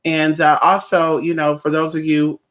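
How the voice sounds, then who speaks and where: Livestream host, sassy, chatty, curses a lot, calls viewers honey, mid pitch. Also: completely flat delivery, moderate pace, a bit bright. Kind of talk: casual livestream chat with viewers.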